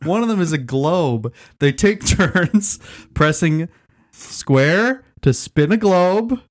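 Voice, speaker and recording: A man's voice: a little high, lively intonation, slow. A man guest on a casual podcast, rambling playfully and laughing as he explains a game.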